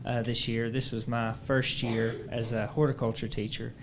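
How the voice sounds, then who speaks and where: A man's voice: mid-range voice, level tone, normal speed. Man teacher, hesitant meeting remarks, faint hiss. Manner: hesitant, many fillers. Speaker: horticulture teacher. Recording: faint background noise.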